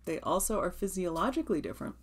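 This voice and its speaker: A woman's voice: on the low side, lively intonation, fast, breathy edge. A woman hosting her own cross-stitch vlog, chatting eagerly from her notes. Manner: eager, gushing, reading from notes. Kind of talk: casual chat from notes.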